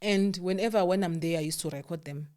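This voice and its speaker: A South African woman, a guest telling a personal story in a candid, animated way, voicing the people she quotes and dropping to a hush at times. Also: on the low side, fairly quick, slight background noise. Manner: candid, animated quoting of others, drops to hushed tones.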